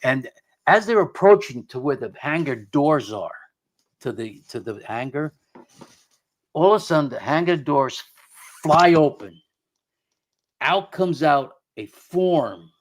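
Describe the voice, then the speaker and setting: A man's voice: fairly high pitch, lively intonation, slow, pauses often. Middle-aged man telling a rambling story. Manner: rambling, often repeats and restarts words. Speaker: paranormal investigator guest. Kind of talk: conversational storytelling.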